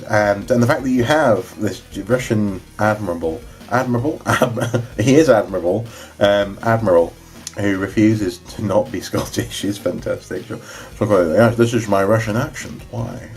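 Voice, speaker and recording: A young man with a low voice talks casually and enthusiastically. He rambles, filling the gaps with ums and restarts. Faint background music plays under his voice. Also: darkish tone. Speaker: vlogger reviewing his DVD collection. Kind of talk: casual chat.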